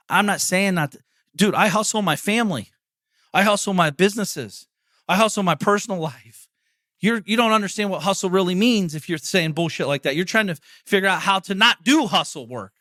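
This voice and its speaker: Brash, profane male motivational host, fortyish, bright tone, dry close mic. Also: a little high, lively intonation, moderate pace, pauses often, no room sound. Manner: profane, blunt, preachy. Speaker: podcast host. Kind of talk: motivational monologue.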